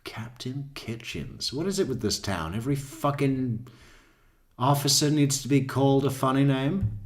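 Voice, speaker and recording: A man's voice: medium pitch, normal speed. A man hosting a true crime commentary, joking, laughing often, and stammering through repeated words. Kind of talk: casual commentary.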